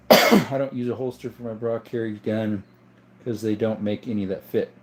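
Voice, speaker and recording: A man hosting a casual livestream, chatting in a relaxed, rambling way and answering viewers. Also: on the low side, measured pace, very noisy. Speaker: livestream host.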